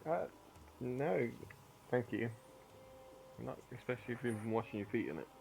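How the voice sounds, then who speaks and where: A man's voice: medium pitch, animated, moderate pace, vocal fry, darkish tone, a little hiss or hum. A man playing a tabletop game, chatting casually in a dry tone. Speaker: player.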